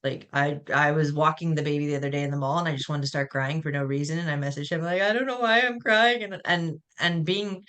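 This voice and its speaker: A woman's voice: low voice, steady tone, quick pace, few pauses, fairly bright tone, clean tone. A young woman and new mother, a former athlete, talking candidly and casually as a guest in a video-call webinar. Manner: candid, chatty, self-deprecating.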